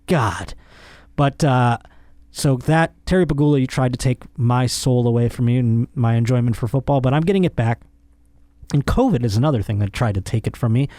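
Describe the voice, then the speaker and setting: Man, podcast host, crude comedic rant, animated, mid pitch, dry sound. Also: normal speed, dry recording. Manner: animated, crude, jokey, voice jumps high when worked up.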